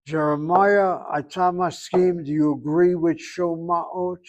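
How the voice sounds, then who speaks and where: Higher-voiced man teaching Hebrew grammar. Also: fairly even intonation, a little mellow. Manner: slow, explaining, drawn-out pronunciations. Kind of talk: classroom grammar lesson.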